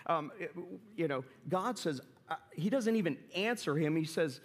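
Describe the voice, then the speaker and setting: A middle-aged male pastor preaching in a church, his fairly high voice carried by a long hall reverb. He talks in a relaxed way and acts out the quotes, his voice leaping high on the questions. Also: moderate pace. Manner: animated, acts out quoted lines with big pitch jumps. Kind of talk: sermon. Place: church sanctuary.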